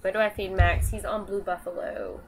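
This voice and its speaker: A woman's voice: medium pitch, level tone, normal speed, slight background noise, low-quality recording. A young woman casually chatting on a live stream as she reads and answers viewer comments. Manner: chatty, scolding her dogs between comments. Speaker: vlogger reading live comments.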